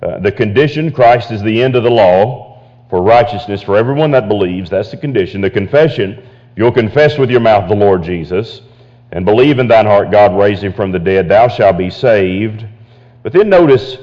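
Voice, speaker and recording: A man's voice: fairly low pitch, animated, normal speed. A man preaching a sermon, often repeating words and restarting, rising emphatically on key points. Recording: dull lo-fi audio with long hall reverb.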